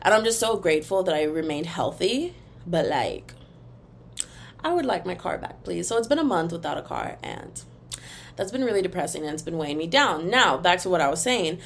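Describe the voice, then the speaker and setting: A young woman hosting a casual solo podcast, ranting in an animated, emphatic, rambling way, and now and then breaking into a taunting sing-song chant. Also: fairly low pitch, a little fast, vocal fry, a little hiss or hum. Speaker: podcast host.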